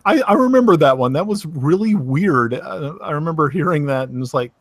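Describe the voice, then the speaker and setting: A man from Tennessee with a Southern accent, talking casually on a video call, halting with many restarts and fillers. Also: fairly high pitch, expressive, a bit bright, slight background noise. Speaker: host. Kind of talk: casual online chat.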